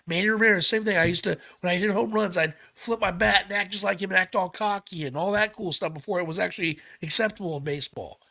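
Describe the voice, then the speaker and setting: Male podcast host, high bright voice, animated and profane rant delivery. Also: quick pace, gravelly, hardly any pauses.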